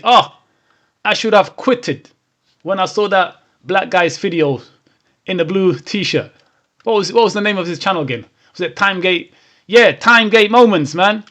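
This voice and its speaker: A man with a rather high-pitched voice talks straight to his viewers as the host of his own channel. He preaches emphatically, repeats himself and restarts his sentences. Now and then he acts out what someone else might say. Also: fairly bright tone. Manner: emphatic, preachy, with frequent restarts and acted-out quotes. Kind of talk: casual monologue to camera.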